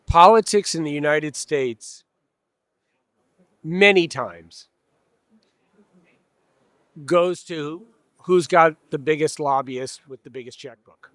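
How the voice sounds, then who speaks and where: A man's voice: fairly high pitch, slow, pauses often, fairly bright tone, no room sound. A man in a casual interview, speaking as a trade association president, candid and wry, acting out customers and dealers in little quoted asides. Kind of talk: conversational interview. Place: expo hall.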